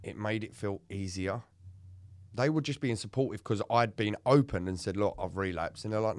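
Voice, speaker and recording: Man, podcast co-host, casual chat, candid, swears a lot, lowish voice, dry sound. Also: a little fast, no echo. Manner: candid, swearing, animated storytelling.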